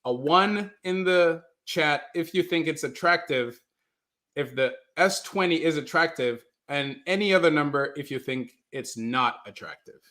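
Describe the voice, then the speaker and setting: A man with a voice on the high side hosts a casual livestream at a measured pace. He talks loosely and animatedly, repeats himself, and reads viewer comments aloud from the chat.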